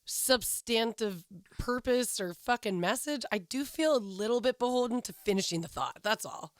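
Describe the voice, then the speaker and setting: A woman's voice: on the high side, expressive, moderate pace, no echo, clean studio sound. A young woman from California co-hosting a podcast in casual, sarcastic chat, swearing freely. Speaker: podcast co-host.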